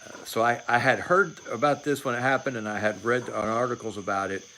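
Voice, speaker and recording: A man's voice: medium pitch, steady tone, brisk, bright, forceful tone, slight background noise, low-quality recording. Rambling middle-aged male livestream host. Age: 40s. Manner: rambling, repeats words and restarts, sarcastic asides. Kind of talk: casual political commentary.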